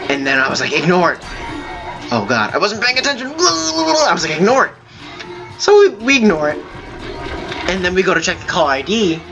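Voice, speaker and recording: A man hosting a gaming video, telling a long story in a halting, rambling way with many fillers while he plays. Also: on the high side. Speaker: gaming channel host. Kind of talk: telling a story over gameplay.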